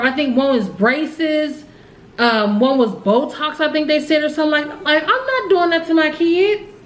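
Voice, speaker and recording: Candid, rambling woman vlogger, echoey room sound. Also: high-pitched. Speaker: family vlogger. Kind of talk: casual vlog storytelling.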